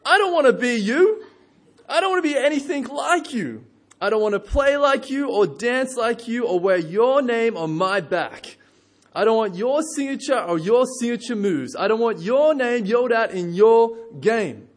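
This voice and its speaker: Mocking English male ad narrator done by a preacher, much higher voice. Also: expressive, moderate pace. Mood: scornful. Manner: loud, mocking, dismissive.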